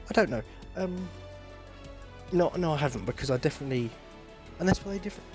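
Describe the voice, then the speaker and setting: A man's voice: a little high, expressive, fast, long pauses, faint music behind. A young man talking casually on his own podcast, rambling and breaking off into joking asides. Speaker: podcast host. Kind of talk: casual solo podcast talk.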